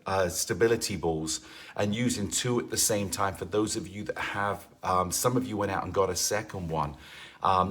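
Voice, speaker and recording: A man's voice: fairly low pitch, fairly bright tone. A man leading a livestream fitness class, chatting casually with viewers and greeting them by name, with lots of fillers. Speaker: fitness instructor.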